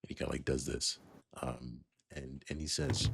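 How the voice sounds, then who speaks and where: A man's voice: extremely low pitch, level tone, normal speed, creaky, fairly bright tone, breathy edge. A man narrating as game master in a loose, rambling way. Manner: loose, rambling, many fillers.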